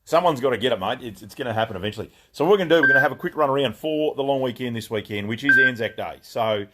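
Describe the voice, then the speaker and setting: A man's voice: mid-range voice, fast. An Australian man hosting a casual live stream from his gun shop, rambling and greeting viewers by name, tired after a long day. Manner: laid-back, rambling, greets viewers by name with lots of fillers. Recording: noisy background.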